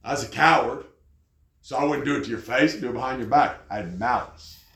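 A man preaching a sermon with an animated delivery, often jumping high in pitch as he acts out angry people. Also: fairly quick, vocal fry. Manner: animated, jumps to high pitch when mocking others. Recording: echoey room.

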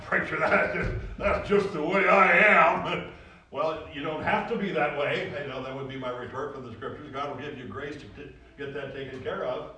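A male preacher delivers a folksy, animated sermon, driving his points home with repetition. His voice is bright and forceful, caught from a distance in a very echoey church with faint room noise. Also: mid-range voice. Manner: folksy, animated storytelling with repeated phrases. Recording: roomy echo, distant from the mic.

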